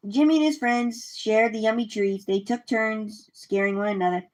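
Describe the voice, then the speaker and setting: A woman reading children's books aloud in a lively, expressive way, with small slips now and then. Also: fairly high pitch, normal speed. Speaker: storyteller.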